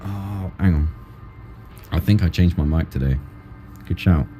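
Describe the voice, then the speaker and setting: A man streaming a space game, chatting casually with friends and his viewers in a relaxed, joking way. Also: low voice, a little slow, slight background noise.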